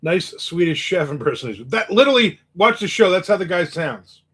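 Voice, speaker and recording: A man's voice: sits high, sing-song, a bit bright, husky. Joking male livestream host. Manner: joking, quick asides. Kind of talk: casual livestream chat reading viewer comments.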